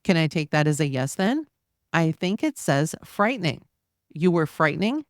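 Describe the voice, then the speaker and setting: A woman with a lowish voice reads a courtroom transcript aloud for a true crime podcast, taking both the questioner's and the witness's lines in a steady, even delivery. Between passages she drops into loose, casual asides. The sound is dry and close, with no room around it. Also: normal speed, no echo. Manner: reads both sides of a cross-examination in a plain, steady voice. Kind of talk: reading a trial transcript aloud.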